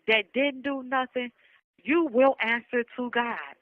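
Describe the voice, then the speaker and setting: A woman's voice: fairly high pitch, measured pace, no echo. Emotional woman rallying her sisters, lo-fi. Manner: impassioned, rallying, repetitive calls. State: emotional, near tears. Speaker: survivor giving a testimonial. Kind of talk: emotional spoken message. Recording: dull lo-fi recording.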